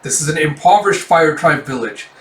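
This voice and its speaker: A man's voice: on the high side, expressive, brisk, close to an everyday voice. A man voicing an earnest young male lord who firmly protects his village. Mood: firm resolve. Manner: firm, dutiful declarations. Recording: roomy, distant mic.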